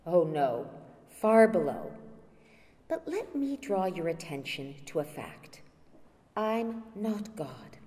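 A woman reading the lines of a calm, stubborn older male statesman, in an earnest, measured read-aloud manner, during a lecture. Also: on the low side. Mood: firm. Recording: reverberant lecture hall.

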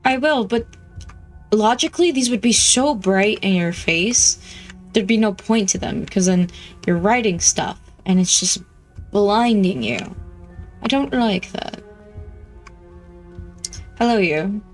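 Girl rambling over her gameplay, bubbly and goofy, soft music under it. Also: medium pitch, slow pace, pauses often. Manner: chatty, playful, easily excited. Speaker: gameplay streamer. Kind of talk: casual gameplay commentary.

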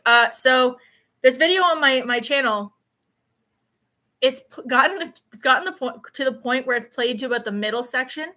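A woman's voice: on the high side, bright, forceful tone. A woman in her late twenties chatting casually on a live stream, telling rambling stories with plenty of fillers. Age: 20s. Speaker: vlogger.

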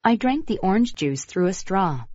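A woman reading example sentences and a short story for a vocabulary lesson in clear, measured narration. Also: mid-range voice, lively intonation, dark tone, dry recording, lo-fi sound.

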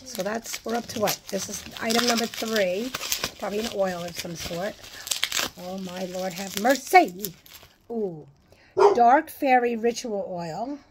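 A woman chatting casually as she unboxes and reads out items, gushing, excitable and swearing freely. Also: medium pitch, a little slow, very noisy. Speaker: unboxing vlogger.

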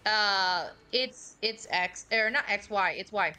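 A woman streaming a game with friends, telling stories in an excitable, animated way and swearing freely. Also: medium pitch, takes it slowly, faint music behind. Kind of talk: casual gaming chat.

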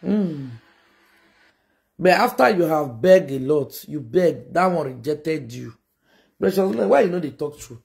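A woman with a Nigerian Pidgin accent runs a gossip reaction show and talks straight at her viewers. Her voice swings widely in pitch, and she moves between mocking asides and loud, scolding outbursts. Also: lively intonation, measured pace, gravelly. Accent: Nigerian Pidgin English. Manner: scolding, mocking, with sudden shouts. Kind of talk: animated reaction commentary.

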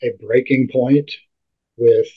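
Husky-voiced man telling a story haltingly. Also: medium pitch, steady tone. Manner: halting, repeats and restarts words often. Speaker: interview guest. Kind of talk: emotional personal storytelling. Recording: dull lo-fi recording.

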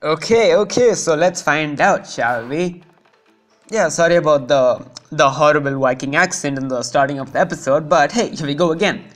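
Excitable let's play commentator. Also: medium pitch, moderate pace, soft background music. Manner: excitable, chatty, talks to game creatures. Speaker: gameplay host.

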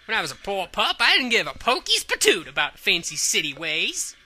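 A woman's voice: mid-range voice, huge pitch swings, a little fast, pushed and bright, faint music behind, heavily acted. Woman putting on a hollering folksy fight promoter. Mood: blustery. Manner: hollering country slang. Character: folksy loud older male fight promoter.

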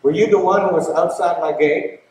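A man's voice: sits high, fairly even intonation, brisk, a little mellow, natural voice. A haughty rich man in torment, begging , as a male preacher puts him on, in a very echoey room. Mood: pleading. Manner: pleading yet haughty. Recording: very echoey church hall.

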